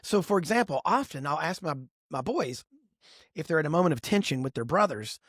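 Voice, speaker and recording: A middle-aged man talking with a husky, slightly breathy voice that swings up and down as he tells stories. His podcast delivery is animated and expressive, recorded close on a dry studio mic. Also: a little high, brisk, no echo. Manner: animated storyteller, lively and expressive. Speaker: podcast co-host. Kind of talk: casual podcast conversation.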